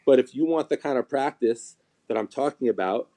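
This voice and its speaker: A man's voice: mid-range voice, a little fast. A man who is a chiropractor, chatting on a live stream and acting out patients' words as he tells stories. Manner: animated storyteller, acts out quoted patients. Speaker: chiropractor and seminar teacher. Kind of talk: casual live-stream chat.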